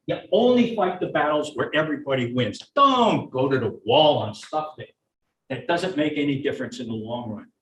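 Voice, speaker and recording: Blunt older man lecturing in a roomy hall. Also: fairly high pitch. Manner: blunt, folksy, plain-spoken; acts out parents and teachers in quick asides. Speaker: retired child neuropsychologist giving a parent talk. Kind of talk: public lecture to parents. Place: meeting room or auditorium. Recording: roomy, from a distance, faint hiss.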